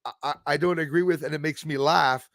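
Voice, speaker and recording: A man's voice: on the high side, fairly even intonation, fairly quick, a bit bright, no echo, studio quality. A man who is a comedian hosting a live stream, chatting in a jokey, rambling way and laughing at his own lines. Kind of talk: casual live-stream chat.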